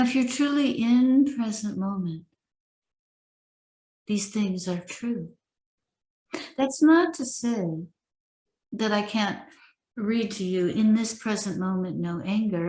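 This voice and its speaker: Woman meditation teacher, unhurried reading with spaces between lines, roomy echo. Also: mid-range voice, a little mellow. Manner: slow, measured recitation with long pauses. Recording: echoey room.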